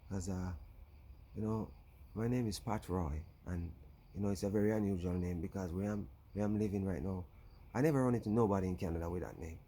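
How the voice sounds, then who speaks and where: A Jamaican man tells a loose, rambling story for his vlog, sprinkling "you know" through every thought. His voice sits very low and sounds mellow and dark. Faint cricket and insect noise hums behind him outdoors. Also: fairly quick. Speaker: YouTuber.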